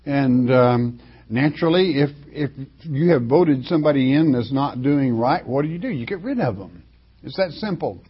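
An older man teaching from the Bible in a folksy, halting way, full of restarts and homespun asides. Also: medium pitch, expressive, slightly rough. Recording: dull lo-fi recording.

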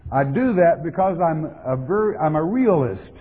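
A man's voice: fairly high pitch, animated, normal speed, slightly rough. A man preaching a sermon as pastor, emphatic and repeating words for stress, on a tinny, lo-fi recording. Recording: tinny lo-fi sound in a reverberant hall.

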